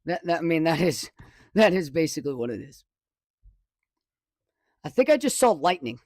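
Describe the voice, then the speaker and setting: A man's voice: on the high side, moderate pace, no room sound. A man from the casually commenting on a live weather stream from his home studio, rambling and correcting himself as he goes. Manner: rambling, self-correcting, excitable. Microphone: desk microphone, close.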